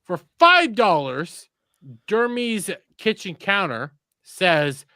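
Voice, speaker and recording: A man hosting a live stream in a bright, clean voice, pitched a little high. He talks slowly through donation shoutouts and swears casually. The sound is dry and close. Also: sing-song, clear, resonant tone, dry recording. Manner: reads viewer donation messages aloud, swears casually. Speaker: show host.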